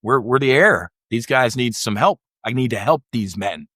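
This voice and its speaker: A man's voice: mid-range voice, animated, normal speed, a bit bright, no room sound, studio quality. Middle-aged man telling a candid story. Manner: rambling, restarts often, acts out quoted voices. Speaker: podcast guest, military veteran.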